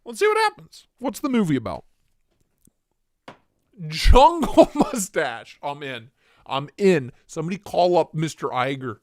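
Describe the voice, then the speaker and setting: A man's voice: a little high, huge pitch swings, fairly quick, no echo, studio quality. A man hosting a casual livestream, joking and reading chat aloud in a playful way. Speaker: livestream host.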